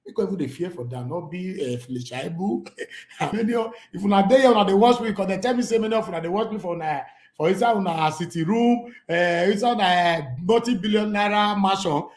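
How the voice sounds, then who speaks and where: A man from Edo State with a Nigerian Pidgin accent, reading news articles aloud and breaking into animated, chatty commentary as an online news host. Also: sits high, fast, reverberant. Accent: Nigerian Pidgin English. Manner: animated, shifts between reading and chatty asides.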